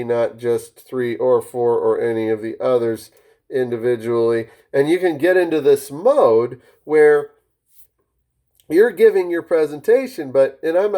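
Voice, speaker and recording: Animated, mellow-voiced male phone coach. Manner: varies pitch and speed on purpose, with many restarts. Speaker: network marketing phone-skills coach. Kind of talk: casual instructional talk to camera.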